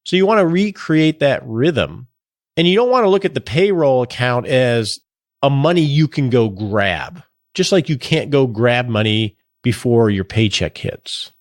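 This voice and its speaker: A man's voice: mid-range voice, animated, measured pace, no echo, clean studio sound. A man in his fifties hosting a podcast, explaining in a casual, jokey, conversational way. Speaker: podcast host and financial planner.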